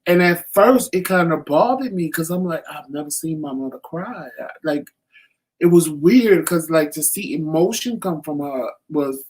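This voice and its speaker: A man's voice: on the high side, animated, moderate pace, darkish tone. Earnest reflective man co-hosting. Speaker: co-host. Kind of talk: casual chat.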